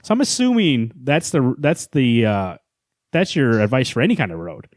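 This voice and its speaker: A man's voice: mid-range voice, sing-song, moderate pace, dry recording, studio quality. A man co-hosting a comics podcast in casual chat, playful and prone to rambling joke stories. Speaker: podcast co-host.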